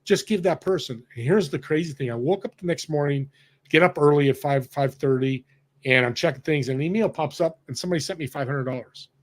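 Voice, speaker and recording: A man guest on a podcast, telling stories in an animated, emphatic way and acting out the dialogue. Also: on the high side, fairly quick. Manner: animated, emphatic storyteller who acts out dialogue. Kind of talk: storytelling in conversation.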